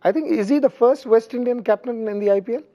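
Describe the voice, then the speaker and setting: A man's voice: very high-pitched, quick pace, dark tone. A middle-aged man giving cricket analysis in a studio, thinking aloud and circling back on his points. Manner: thinks aloud with fillers and restarts. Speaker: cricket pundit.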